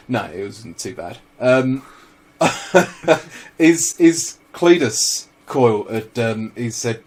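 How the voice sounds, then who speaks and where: A man's voice: mid-range voice, expressive, very slow. A man co-hosting a casual vlog chat, telling stories with dry jokes and casual swearing. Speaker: vlog co-host.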